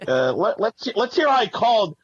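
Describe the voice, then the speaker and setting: A man's voice: high-pitched, very animated, normal speed, husky, dull audio. A man co-hosting a sports podcast, talking through team records and stats in a rambling, analytical way. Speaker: podcast co-host. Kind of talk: casual sports talk.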